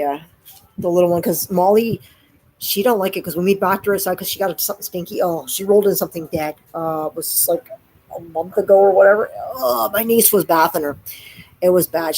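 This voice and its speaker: A woman's voice: on the low side, darkish tone, breathy edge, rough recording. Chatty Canadian woman vlogging. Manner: chatty and rambling, often addressing viewers. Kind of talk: casual live-stream chat.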